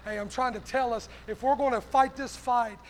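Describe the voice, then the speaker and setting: A man's voice: very high-pitched, fairly even intonation, normal speed, a little hiss or hum. A male pastor preaching a sermon, punching his lines with a repeated "hey".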